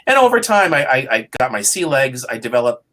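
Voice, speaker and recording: A man in his fifties, a TV journalist guest, telling animated stories and acting out his past thoughts. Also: medium pitch, a little fast. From Boston area. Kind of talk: storytelling in interview.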